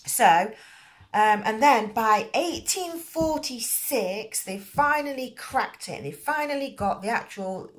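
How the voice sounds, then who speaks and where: Brief: middle-aged woman, crochet hobby host, chatty and meandering, mid-range voice. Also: mid-range voice. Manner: rambling, many fillers and restarts, nonstandard grammar. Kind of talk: rambling casual explanation.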